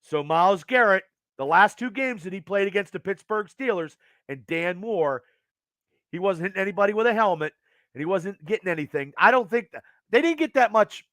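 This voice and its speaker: Male host at home, high sharp voice, cursing fast in angry outbursts, dry close sound. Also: animated, no echo. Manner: profane, agitated, fast rants. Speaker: podcast host. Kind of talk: angry sports rant to live chat.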